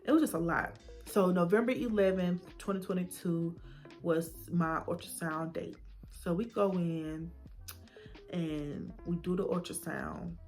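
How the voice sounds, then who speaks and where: Brief: young woman vlogger, lowish voice, emotional storytelling, faint music under her. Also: unhurried, darkish tone. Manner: emotional retelling, acting out quoted dialogue, drops to whispers. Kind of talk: personal storytime vlog.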